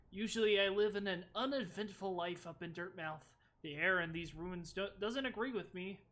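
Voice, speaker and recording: A streamer voicing a kindly, weary wandering sage in a game, gentle and earnest. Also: medium pitch, natural voice.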